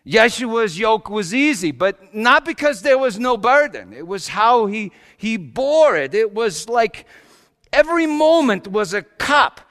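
A man's voice: high voice, big pitch swings, unhurried, fairly bright tone, in a large hall, exaggerated voice. A man playing Joseph, folksy chuckling carpenter. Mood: reflective. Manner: folksy, chuckling storyteller, loose grammar. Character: Joseph, humble folksy carpenter father, middle-aged. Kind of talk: first-person dramatic monologue.

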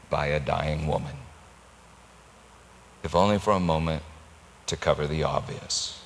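A man preaching a sermon, telling a story slowly and acting out quoted voices, sometimes rising to loud high-pitched pleading. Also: long reverb tail.

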